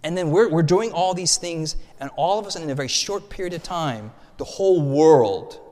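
A male pastor preaching a storytelling sermon, animated and conversational, with frequent restarts and asides. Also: a little high, brisk. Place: church hall. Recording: long hall reverb.

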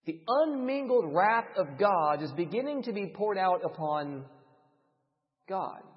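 Male preacher, high and very lively voice, dramatic sermon delivery, muffled long-reverb hall. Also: a little slow. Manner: dramatic, swings between loud emphasis and hushed delivery. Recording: dull, reverberant hall sound.

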